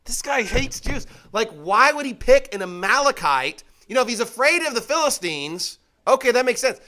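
His pitch is extremely high, and his delivery is very animated at a normal speed, bright and forceful. The man teaches the Bible informally, full of rhetorical questions, emphatically repeating his points.

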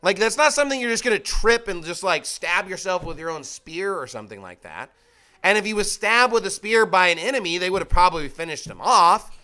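Bright high-voiced man teaching the Bible. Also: expressive, fairly quick. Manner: conversational, full of rhetorical questions and "like"; emphatic, repeats his points.

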